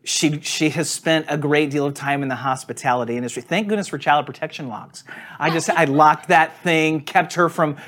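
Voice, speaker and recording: Upbeat storytelling pastor, slightly high voice. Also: male voice, steady tone, moderate pace, a bit bright. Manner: conversational storytelling, laughs at himself. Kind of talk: sermon. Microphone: on camera.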